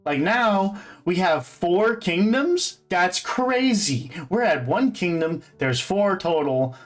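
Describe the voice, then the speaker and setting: A man's voice: sits high, expressive, unhurried. A young man giving casual, rambling fan commentary on a show, full of fillers and restarts. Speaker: host.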